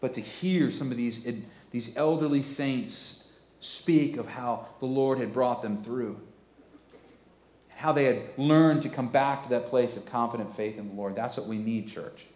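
Forties guy preaching a sermon, gets loud and fired up in bursts, mid-pitched, echoey church sound. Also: measured pace. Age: 40s. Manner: preaching with swells into loud emphatic passages. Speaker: pastor. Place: church sanctuary.

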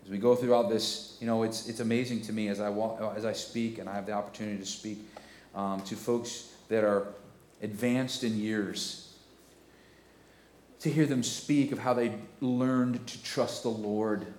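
A man's voice: lowish voice, fairly even intonation, normal speed. Man in his forties preaching in an echoey church. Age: 40s. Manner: preaching with swells into loud emphatic passages. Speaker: pastor. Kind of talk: sermon. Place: church sanctuary.

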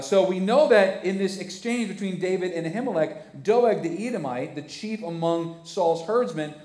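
Hoarse pastor preaching in an echoey church. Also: male voice, fairly high pitch. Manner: animated and conversational, with rhetorical questions. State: hoarse, voice cracking. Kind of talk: sermon.

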